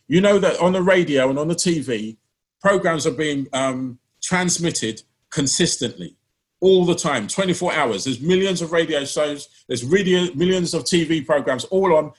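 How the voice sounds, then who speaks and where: A man preaching a sermon with passion, repeating words and phrases for emphasis. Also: on the high side.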